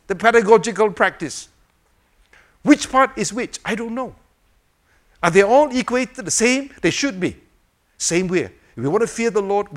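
An older man giving an informal sermon, animated and full of rhetorical questions, chuckling as he demonstrates a fidget toy. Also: high-pitched. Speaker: preacher.

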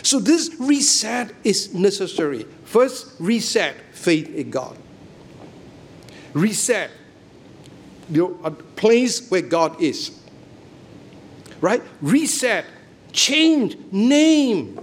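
Middle-aged male preacher, high voice, emphatic, checks in with congregation. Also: sing-song, extremely slow, long pauses, slight background noise. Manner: emphatic, asks listeners questions often. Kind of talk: sermon.

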